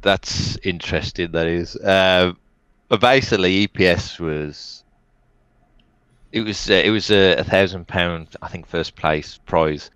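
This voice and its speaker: Very deep-voiced man. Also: unhurried, smooth, no room sound. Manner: animated anecdotes, laughs often, quotes others. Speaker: interview guest, esports player. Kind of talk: casual storytelling.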